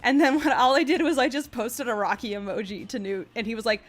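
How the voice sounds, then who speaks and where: A woman's voice: on the high side, fairly even intonation, fast. A woman on an animation crew telling a rambling story in casual stream chat, laughing often.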